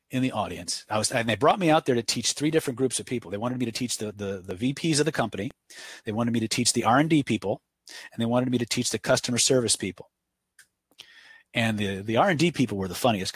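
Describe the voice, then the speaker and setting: A man's voice: medium pitch, breathy edge, dry recording. A man teaching a live webinar, answering viewer questions off the cuff and telling stories to make his points in a conversational way. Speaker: webinar instructor.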